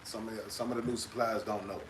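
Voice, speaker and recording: A man hosting a live stream chat, relaxed, agreeing with his guest and summing up in plain terms. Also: lowish voice, fast talker, slight background noise.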